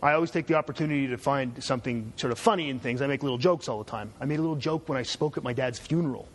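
A man's voice: mid-range voice, very fast. A middle-aged man giving a university lecture, sarcastic and full of joking asides. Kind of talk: classroom lecture.

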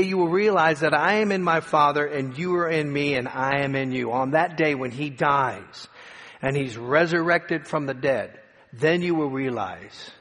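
A male pastor preaching a sermon, slowing down and building to emphatic peaks as he tells stories and reads scripture. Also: a little high, fairly bright tone. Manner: dramatic preaching with slowed emphatic phrases and rising peaks. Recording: long hall reverb.

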